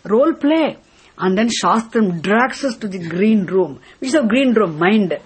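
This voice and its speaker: A woman's voice: medium pitch, animated, a little slow, a little hiss or hum. A woman giving a spiritual teaching talk, asking rhetorical questions and then answering them herself.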